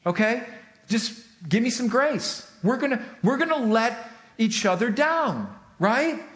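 Man, pastor, sermon, high-pitched voice, chatty, asks for amens, echoey church. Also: very animated, a little slow, fairly bright tone. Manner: conversational, calls for amens from the congregation. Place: church sanctuary.

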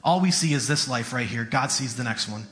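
A man's voice: mid-range voice, animated, a little fast, fairly bright tone, soft background music. A man preaching a sermon in an earnest, conversational way, often repeating his words.

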